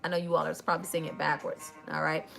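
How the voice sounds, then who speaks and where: A woman's voice: deep voice, little pitch movement, fast talker, vocal fry, a bit bright, faint music behind. A woman hosts a casual makeup tutorial, chatty and emotional, talking straight to her viewers. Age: 50s.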